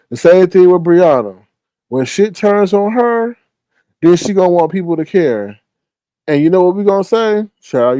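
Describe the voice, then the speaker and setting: Male livestream host, high voice, dark tone, dry close sound, emphatic and repetitive. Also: dry recording. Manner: emphatic, repetitive, sassy asides. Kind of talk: casual livestream commentary.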